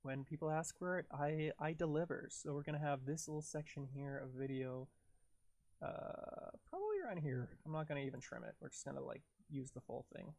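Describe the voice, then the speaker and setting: Gravelly man narrating a live edit. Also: fairly high pitch, fairly quick, darkish tone, dry recording. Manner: rambling, self-narrating, jokey. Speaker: livestreaming video editor. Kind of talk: casual live tutorial talk.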